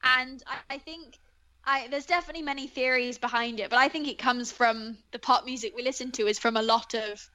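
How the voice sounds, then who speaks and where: A woman's voice: on the high side, steady tone, fairly quick, bright, forceful tone. A young British woman from England, an actress chatting politely and laughing easily in an interview. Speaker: guest actress. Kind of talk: casual interview chat.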